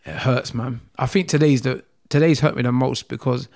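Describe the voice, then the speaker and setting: A man's voice: mid-range voice, fairly even intonation, moderate pace, creaky, a little mellow. A man telling a personal story as an interview guest, earnest and acting out the dialogue he recalls. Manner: earnest, acts out quoted dialogue in raised voice.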